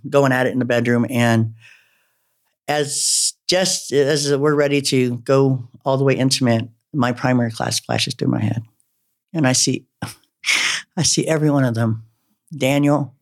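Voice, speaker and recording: A man telling his own story in a loose, rambling way, full of fillers, false starts and self-mocking asides. He speaks candidly at an ordinary middle pitch. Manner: rambling, halting, with many fillers. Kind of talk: personal storytelling.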